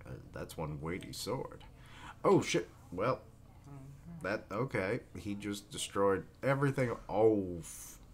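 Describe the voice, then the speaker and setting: A man hosts a live manga reading reaction, describing panels aloud. His voice sits deep and he takes his time, casual and unfiltered with the odd curse. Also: slight background noise. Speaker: reaction video host.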